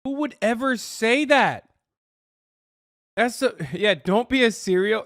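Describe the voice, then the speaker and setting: A man's voice: very high-pitched, takes it slowly, long pauses, a bit bright, no room sound, studio quality. A man streaming live, reacting to a dating video with incredulous, sarcastic remarks and casual swearing.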